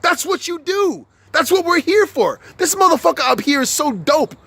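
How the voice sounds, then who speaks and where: A man's voice: very high voice, big pitch swings, moderate pace, creaky, pushed and bright, no room sound. A young man ranting to camera with a lot of swearing, stumbling and restarting his sentences, and growing heated. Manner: profane, repetitive, heated and restarting. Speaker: vlogger. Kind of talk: unscripted motivational rant.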